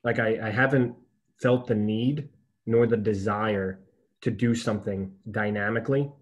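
A man's voice: lowish voice, steady tone, measured pace. A man hosting a podcast, chatty and telling stories with frequent laughs. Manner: chatty, storytelling, laughs often. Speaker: podcast host. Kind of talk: casual conversation.

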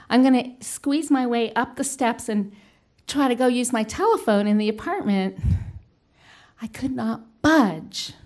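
A middle-aged woman with a fairly high voice tells a personal story live on a small stage. She speaks earnestly and haltingly, restarting her sentences. Now and then she breaks into loud shouts. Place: small stage venue before an audience.

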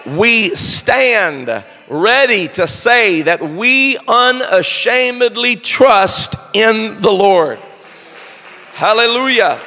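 A male pastor delivers a slow, deliberate sermon that swells into shouted fervor. His voice sits high with a bright, gravelly edge. The reverb of a large church hall rings around every phrase. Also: expressive. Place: church sanctuary.

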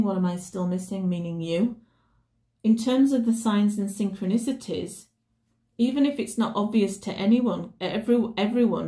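A woman's voice: medium pitch, warm tone. A woman giving a casual tarot reading, telling a story in a rambling way and often correcting herself mid-sentence. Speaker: tarot reader. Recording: roomy echo.

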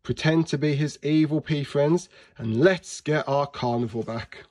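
A man's voice: a little high, a little slow, a little mellow, natural voice. A man voicing a brave, cheerful potato superhero in a children's storybook, upbeat and rousing. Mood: determined.

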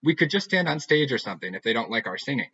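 A man's voice: lowish voice, animated, brisk, sharp tone, a little hiss or hum. A man voicing an upset, dramatic teenage girl who complains emphatically. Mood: indignant. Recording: dull lo-fi recording.

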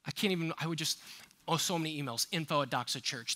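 Bright, high-voiced preaching man. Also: quick pace. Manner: emphatic, conversational preaching with rhetorical questions. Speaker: pastor. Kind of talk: sermon. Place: church sanctuary.

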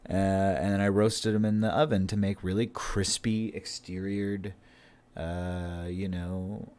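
A man's voice: deep voice, little pitch movement, unhurried, darkish tone, clean tone. A man chatting casually on his livestream, rambling, swearing and laughing easily. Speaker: streamer editing his writing.

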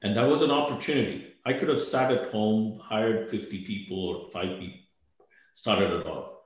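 Older male panelist in his 60s, lowish voice, halting and repetitive, very roomy echo on a video call. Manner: hesitant, repeats words, ends points with "right?". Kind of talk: webinar panel discussion. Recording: very echoey room.

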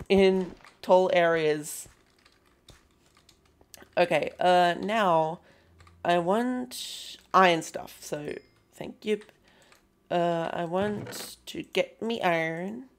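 A young woman talks her way through a game, bouncing between playful greetings to in-game creatures and quick muttered asides. She talks at an unhurried pace. Soft keyboard typing clicks along behind her. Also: on the low side. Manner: chatty and excitable, greeting game characters in a playful voice. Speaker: gaming video host. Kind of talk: casual gameplay commentary.

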